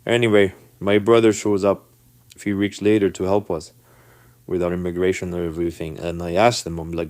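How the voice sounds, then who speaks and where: A man whose first language is not English, telling a personal story to camera in a casual, animated way and acting out the people in it. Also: low voice, moderate pace, dry recording.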